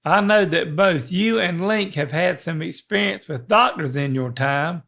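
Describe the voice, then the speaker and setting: A man's voice: a little high, measured pace, gravelly, sharp tone. An older man, co-hosting a podcast in a rambling, folksy way. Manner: rambling, folksy, many restarts. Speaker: podcast co-host. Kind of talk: casual chat.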